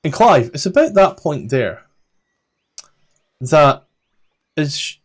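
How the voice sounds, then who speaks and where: Speaking slowly in a voice on the higher side, a Scottish man leads a tabletop game. He's relaxed and rambling, thumbing through notes aloud while he searches for things.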